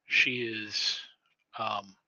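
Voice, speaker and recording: Slow, bright-voiced male storyteller. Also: fairly low pitch, level tone, no room sound, highs cut off. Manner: halting, many fillers and restarts. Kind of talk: narrating a tabletop game.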